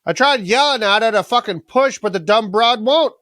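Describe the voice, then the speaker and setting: A man's voice: high voice, drawn-out words, sharp tone, no echo, clean studio sound, exaggerated voice. A man voicing a bumbling, crude male medieval healer in a put-on vague accent. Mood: mock-earnest.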